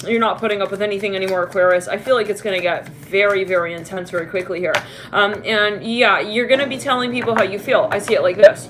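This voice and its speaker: Chatty woman giving a tarot reading. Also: noisy background. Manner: chatty, laughing, voices quoted people in a high pitch. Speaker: tarot reader. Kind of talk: casual tarot reading to camera.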